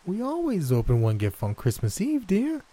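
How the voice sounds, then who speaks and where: A man voicing a menacing, sing-song old grandmother in a high falsetto that is sickly sweet and turns to growls. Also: wildly swooping pitch, moderate pace, dark tone, heavily acted.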